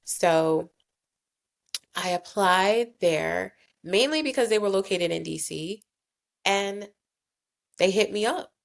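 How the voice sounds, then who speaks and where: A woman from New Jersey chatting as a podcast guest, with a gravelly, fry-tinged voice at a middle pitch. She talks in an easygoing, conversational way, dropping in plenty of "like" and "you know.". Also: takes it slowly, long pauses. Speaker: podcast guest, company founder. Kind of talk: casual interview chat.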